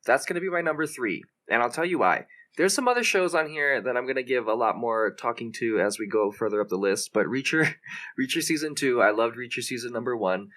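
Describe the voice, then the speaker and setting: A man's voice: medium pitch, animated, brisk, a bit bright. Joking young man on a podcast. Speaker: podcast co-host. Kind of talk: casual chat.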